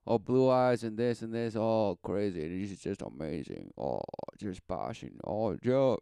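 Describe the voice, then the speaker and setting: A man's voice: on the low side, expressive, normal speed, vocal fry, dark tone, smooth, no room sound. A man giving a rambling, sarcastic, preachy commentary as he reacts to a podcast clip. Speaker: religious commentator.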